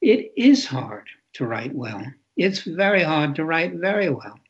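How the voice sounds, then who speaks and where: Husky older man, reflective and halting. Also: on the high side, very animated, dull audio. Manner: reflective, halting, repeats words. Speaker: author and interview guest. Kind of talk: candid conversational interview.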